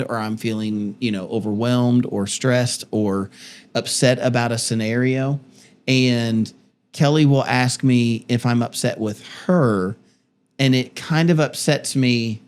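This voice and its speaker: A middle-aged pastor co-hosting a casual marriage podcast with his wife, telling stories animatedly and interrupting himself playfully. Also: medium pitch. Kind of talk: casual marital chat.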